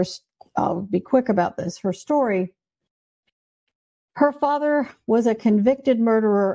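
A woman's voice: mid-range voice, mellow. Earnest older woman telling stories. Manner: earnest, emphatic storytelling. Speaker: psychic medium guest. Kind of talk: storytelling in an interview.

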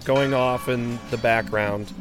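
A man's voice: medium pitch, steady tone, music in the background. A man narrating a tabletop game as game master, with many fillers and restarts. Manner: halting, frequent fillers and laughs.

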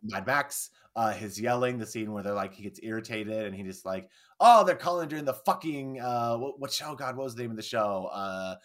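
A man's voice: lowish voice, fairly quick, few pauses, a bit bright. A man co-hosting a film podcast in casual chat, rambling and swearing freely as he acts out quoted lines. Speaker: podcast co-host.

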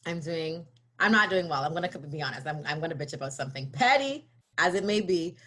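A woman co-hosting a podcast in casual chat, animated and jokey with mock-dramatic complaints. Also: low voice, fairly quick. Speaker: podcast co-host.

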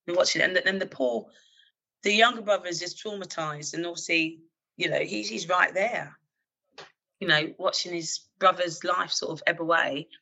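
A woman from London speaks as an interview guest, recounting her police work. She is earnest and halting, with restarts and fillers, and her voice is gravelly yet bright and forceful. The recording is muffled and lo-fi. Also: on the low side. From London, England. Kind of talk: emotional personal storytelling.

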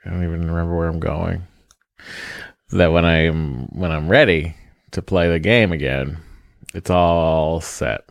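A man's voice: low voice, moderate pace, creaky, no room sound, studio quality. A man co-hosting a podcast, reading an ad and chatting with jokey, offhand asides. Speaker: podcast co-host. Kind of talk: casual podcast chat and host-read ad.

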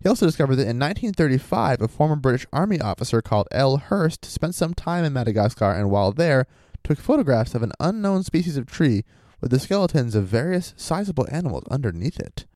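A man chats through a podcast story with wry, sarcastic asides, reading his sources aloud as he goes. His voice is mellow and swings widely in pitch. The sound is dry and close. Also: very animated, fast talker, hardly any pauses, no room sound. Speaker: podcast co-host.

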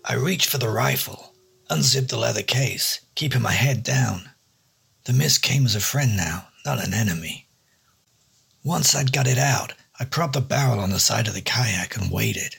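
A man's voice: mid-range voice, normal speed, creaky, a bit bright, slightly rough. A man narrating a hard-boiled noir story in a dry, wry first-person detective voice. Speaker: storyteller and host.

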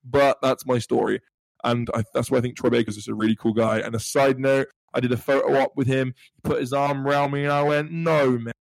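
Young dude on a podcast, gravelly voice, dry close sound, hypes up his own stories. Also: mid-range voice, no room sound. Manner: animated, fast storyteller with playful bragging. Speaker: podcast co-host. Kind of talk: casual storytelling chat.

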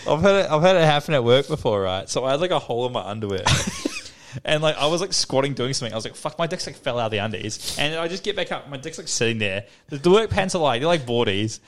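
Rapid-fire podcast co-host, a man full of slang and crude anecdotes, mid-pitched. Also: expressive, slight background noise. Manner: rambling storyteller, heavy slang and swearing, laughs often. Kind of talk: casual crude chat.

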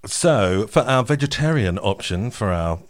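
A man's voice: on the low side, expressive, a little slow. A man hosting a podcast in casual chat, chatty and laughing often. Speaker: podcast host.

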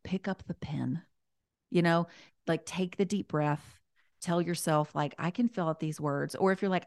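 A woman with a fairly low voice chats casually as a podcast guest, filling her talk with "like" and "you know". She is gentle and encouraging and often restarts her sentences. The sound is close and dry, with no room echo. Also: creaky. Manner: chatty and self-correcting, full of "like" and "you know". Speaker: podcast guest giving life advice.

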